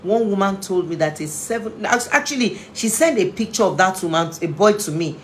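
A woman talks fairly quickly in a mid-range voice with lively intonation, giving a heartfelt parenting talk as a family therapist and inspirational speaker. Earnest and emotional, she pleads and often repeats phrases for emphasis over slight background noise.

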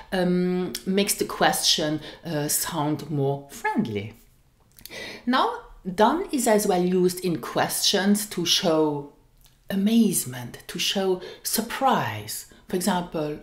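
A woman teaching a language lesson, speaking slowly and carefully and repeating each example phrase. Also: on the low side, reverberant.

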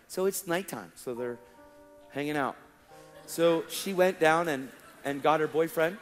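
A male preacher telling a testimony story in an animated way, acting out the dialogue and laughing along, in a large hall. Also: a little high, moderate pace. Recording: long hall reverb, faint music.

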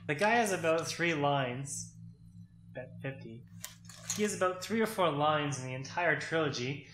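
A man with a bright voice pitched slightly high chats over a card game. He explains nerdy theories at length and gets excitable. The room sounds roomy, and faint background noise sits under him. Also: moderate pace. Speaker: podcast co-host.

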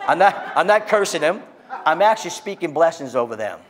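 Brief: male pastor, fairly high voice, fervent excitable sermon delivery. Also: fairly quick. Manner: impassioned, excitable preaching with shifts between loud highs and quiet reading.

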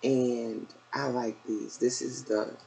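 A woman's voice: rumbling low, little pitch movement, slow pace, creaky, dark tone, slightly rough, rough recording. An older woman vlogger chatting casually through a shopping haul, a little out of breath, calling her viewers y'all. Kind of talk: casual haul video chat.

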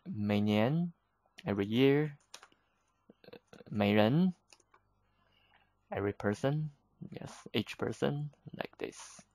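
Slow, gravelly man teaching. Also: medium pitch, animated, darkish tone, poor audio. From China. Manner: unhurried, patient, slips between English and Chinese with frequent fillers. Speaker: Chinese teacher. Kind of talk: explaining vocabulary in a lesson.

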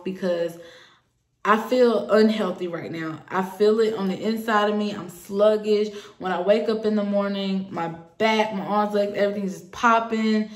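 A young woman talking casually to her viewers in an earnest, personal and hopeful way. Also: medium pitch. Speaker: vlogger. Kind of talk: casual talk to camera. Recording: echoey room.

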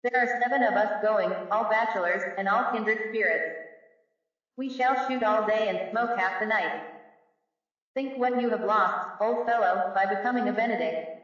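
Casting: a man doing a flippant young captain for a storybook, high and bright, heard distant. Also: normal speed. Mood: breezy. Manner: breezy, offhand. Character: jaunty young army captain, carefree and flippant. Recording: echoey, distant, dull-sounding recording.

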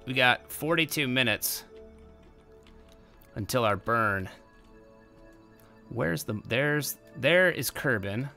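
A young man giving casual let's-play commentary, excitable and bursting into loud exclamations. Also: medium pitch, slow pace, gravelly, pauses often, faint music behind. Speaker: gameplay commentator.

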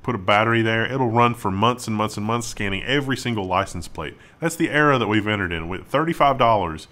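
Low-voiced man reading tech headlines. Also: animated, fairly quick, pushed and bright. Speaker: news show co-host. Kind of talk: reading headlines, then commenting.

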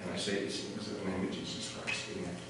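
A man's voice: low voice, little pitch movement, fast talker, creaky. A middle-aged man giving an earnest, reflective funeral eulogy for a family member, with light laughter. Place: funeral chapel. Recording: echoey hall from far off, noisy.

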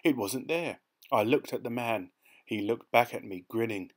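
A man reading a short story aloud as an audiobook narrator, in a measured, even manner. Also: medium pitch. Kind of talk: scripted narration.

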